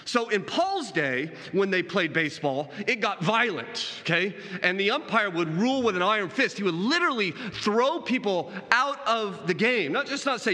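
A man's voice: high-pitched, expressive, moderate pace, bright, forceful tone, in a large hall. A man preaching a sermon as pastor, earnest, swinging his voice up and down and asking his listeners rhetorical questions.

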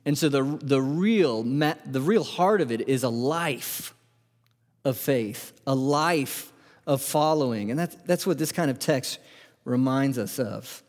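A man's voice: medium pitch, slow, darkish tone. Guy preaching a sermon like he's chatting, tons of questions to the crowd, restarts words, big reverby church hall. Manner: conversational, asks the audience many rhetorical questions. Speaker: pastor. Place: church sanctuary.

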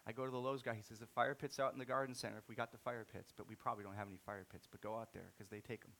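A man in his thirties preaching a sermon, telling a story and swinging from soft-spoken to loud, excited outbursts. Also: fairly low pitch, very fast, gravelly, slight background noise. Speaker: pastor.

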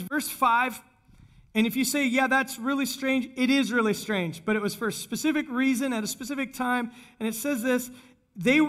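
Male pastor, middle-aged, high-pitched, conversational sermon that turns animated in the retellings.

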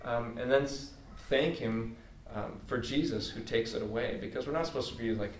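A man's voice: mid-range voice, normal speed, slight background noise. A man preaching a casual, heartfelt sermon in an everyday way, with many fillers. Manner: earnest, informal, many fillers. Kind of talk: conversational sermon. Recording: echoey room, mic at a distance.

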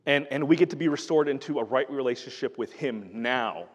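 A man's voice: medium pitch, a little fast. A middle-aged man preaching a sermon in an earnest, conversational way, often restarting his sentences. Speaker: pastor. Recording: reverberant hall.

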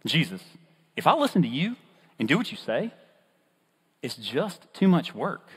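Playing the fisherman Simon, an animated young man who is reluctant and full of excuses, a preacher lets his husky voice jump high in comic disbelief and pleading. The delivery is exaggerated, sing-song and a little slow, with a fairly bright tone, incredulous and excuse-making, recorded in a reverberant hall.

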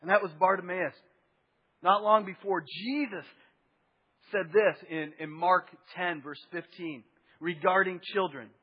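Speaking a little slowly in a high, husky voice with fairly even intonation, a pastor gives a conversational sermon dotted with rhetorical asides. He's in a large hall, and the audio is slightly dull and muffled.

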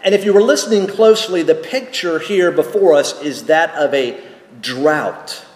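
A man, a pastor, preaching a sermon slowly and deliberately, with rhetorical questions and small restarts. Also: fairly high pitch. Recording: echoey church hall with long reverb.

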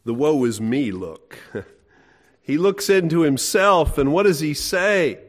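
A man's voice: a little high, expressive, slow. A middle-aged man preaching a sermon in a folksy, emphatic way, asking his listeners questions. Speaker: pastor.

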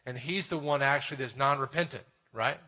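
A man preaching a sermon in a conversational way, often asking "right?" and dropping to a hushed tone for serious points. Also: medium pitch, fairly quick. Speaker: pastor.

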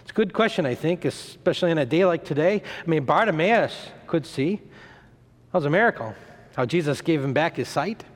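A man preaching a sermon, retelling a story in an animated way, acting out the voices, sometimes stumbling and repeating words. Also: fairly high pitch, moderate pace. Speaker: pastor. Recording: long hall reverb.

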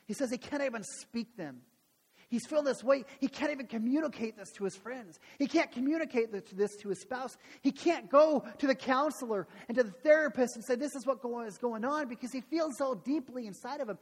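A man's voice: very high voice, slightly rough, big-room sound. A male pastor preaching a sermon and praying, earnest, with frequent restarts and repeated words.

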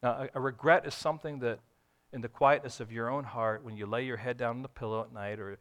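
Speaking fast in a mid-range voice with fairly even intonation, a pastor preaches a sermon. He alternates between loud, emphatic bursts and quiet, tender lines, dramatizing quoted dialogue in a folksy, conversational style.

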